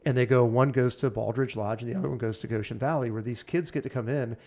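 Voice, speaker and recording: A man's voice: medium pitch, fairly even intonation, fast, warm tone. A man as a podcast guest in casual chat, rambling enthusiastically through one plan after another. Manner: enthusiastic, rambling, piles up plans.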